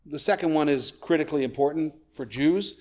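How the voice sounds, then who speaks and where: Lighthearted man preaching, a bit high-pitched. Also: fairly quick, a little mellow. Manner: conversational, with joking asides. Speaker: rabbi, guest preacher. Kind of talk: sermon. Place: church sanctuary.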